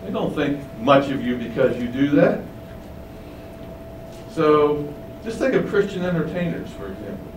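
A man's voice: a little high, big pitch swings, normal speed. A man preaching a sermon, emphatic, with many rhetorical questions, in a windowless room. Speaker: pastor. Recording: roomy, distant mic, faint hum.

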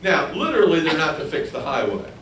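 A man preaching a Bible sermon, animated and acting out the quoted voices. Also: quick pace, a little hiss or hum. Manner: animated, acts out quoted voices in a higher pitch. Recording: echoey room, voice from far off.

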